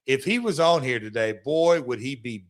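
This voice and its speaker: A middle-aged man from Nashville talks as a guest on sports radio, at a medium pitch. He speaks like a promoter, enthusiastic and full of stories, often restarting his sentences. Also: expressive, normal speed. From Nashville, Tennessee. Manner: enthusiastic storyteller, promoter's patter, frequent restarts. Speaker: guest, wrestling promoter and team partner. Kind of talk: radio sports talk interview.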